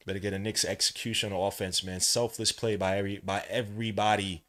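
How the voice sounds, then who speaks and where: A man hosting a live watch-along podcast, giving casual play-by-play in a relaxed, slangy way and jumping from hushed commentary to loud excited outbursts. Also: on the low side, fast, few pauses. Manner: casual slang, talks to the listener like a friend. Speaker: podcast host calling a game.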